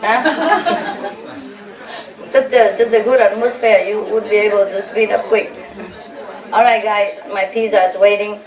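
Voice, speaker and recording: A woman's voice: medium pitch, a little slow, pauses often, a faint crowd. A teasing, laughing woman teacher. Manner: laughing, chatty, teasing, anecdotal. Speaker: spiritual teacher addressing disciples. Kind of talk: informal talk to a gathering. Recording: echoey room heard from a distance, audience laughter. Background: large audience laughing.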